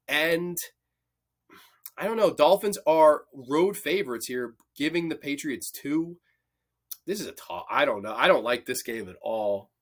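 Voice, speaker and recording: A man's voice: on the high side, a bit bright. A young man hosting a football picks show, talking casually with lots of swearing and passionate rants. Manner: profane, passionate ranting. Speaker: sports picks host. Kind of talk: casual sports betting commentary.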